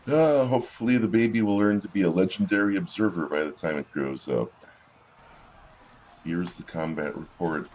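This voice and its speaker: A man's voice: deep voice, moderate pace, darkish tone, a little hiss or hum. A man giving casual gameplay commentary, reading in-game combat logs aloud with wry asides.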